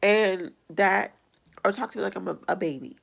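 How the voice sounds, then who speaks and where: A woman's voice: medium pitch, normal speed, creaky, a bit bright, breathy edge. A young adult woman vlogger ranting bluntly and with exasperation in a casual video. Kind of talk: casual vlog rant.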